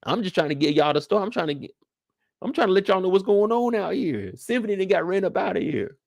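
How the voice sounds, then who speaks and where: Animated man hosting a show recap. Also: high-pitched, quick pace, gravelly, no room sound, clean studio sound. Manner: animated, slangy storytelling to viewers. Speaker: TV after-show host. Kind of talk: casual episode recap commentary.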